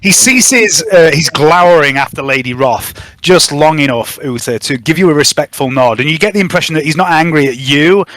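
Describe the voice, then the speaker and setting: Bright-voiced man running a tabletop game. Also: fairly high pitch, brisk, few pauses. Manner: casual, relaxed narration with fillers. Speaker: game master.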